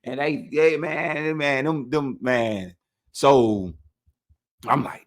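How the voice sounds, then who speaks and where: A man telling his own prison story in a casual, animated way, dropping "man" after nearly every phrase. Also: on the high side, moderate pace.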